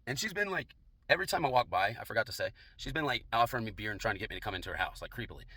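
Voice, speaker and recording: A man's voice: fairly low pitch, animated, very fast, bright, forceful tone, breathy edge. A young man telling a casual, profane personal anecdote in a laid-back way, laughing along. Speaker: storyteller.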